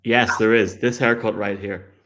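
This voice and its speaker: A man's voice: fairly low pitch, steady tone, moderate pace, fairly bright tone. An Irish man co-hosting a live show, joking around and reading out listener messages. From Ireland. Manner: jokey, laughs easily. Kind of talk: casual live show chat.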